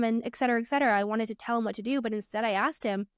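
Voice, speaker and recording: A woman's voice: a little high, steady tone, very fast, few pauses, smooth, dry recording, studio quality. A woman in her thirties, a coach and podcast guest, earnestly telling parenting stories and acting out her children's lines. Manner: earnest, storytelling, acts out her kids' lines. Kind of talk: casual interview talk.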